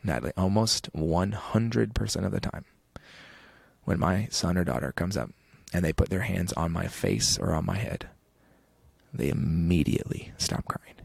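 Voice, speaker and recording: A man with a low, gravelly voice speaks as a guest on a podcast. He talks in an earnest, reflective way, often restarting his sentences. The sound is dry and close to the mic. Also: normal speed, no echo. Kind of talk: podcast conversation.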